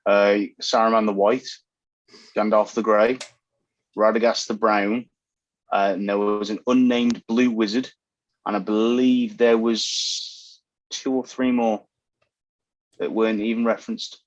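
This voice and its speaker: A man with a fairly low voice answers quiz questions as a podcast guest. His answers are dry and plain-spoken but detailed. The recording is close and dry, with a dull, lo-fi sound. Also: flat delivery, a little slow, long pauses, no echo. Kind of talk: casual chat.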